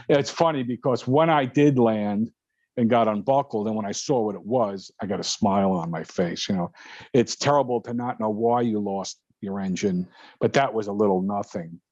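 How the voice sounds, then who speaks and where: A man's voice: fairly low pitch, dry recording. Older man telling a story on a dull line. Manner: animated storyteller, acts out voices, laughs often. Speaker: guest pilot. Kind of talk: casual storytelling. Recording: dull lo-fi sound.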